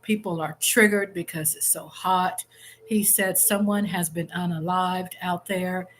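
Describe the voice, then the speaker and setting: A woman's voice: lowish voice, steady tone, unhurried, a bit bright, a little hiss or hum. A woman hosting a casual live stream from home, chatting candidly with viewers and reading out their comments.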